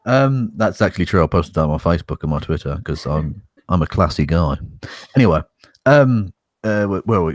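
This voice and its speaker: A man's voice: sits low, lively intonation, a little fast, dry recording, studio quality. A man co-hosting a casual podcast, reading a statement aloud with wry, sarcastic asides and swearing. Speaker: podcast co-host.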